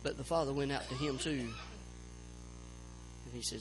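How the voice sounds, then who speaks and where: A man's voice: medium pitch, normal speed, long pauses, background noise. A man preaching a sermon as pastor, fervent, repeating phrases and calling out to the church for amens.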